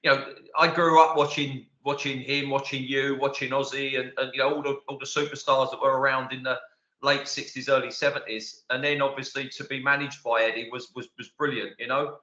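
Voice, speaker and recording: A man's voice: mid-range voice, flat delivery, fairly quick. A man in his sixties reminiscing as a podcast guest in a chatty, casual way. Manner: chatty, warm recollection with fillers. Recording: roomy, dull remote audio.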